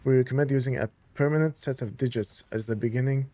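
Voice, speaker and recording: Excited man reading game documents aloud. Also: mid-range voice, quick pace, no echo. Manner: reads in-game documents aloud, enthusiastic fan asides. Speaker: gamer playing through a story game. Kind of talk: casual let's-play commentary.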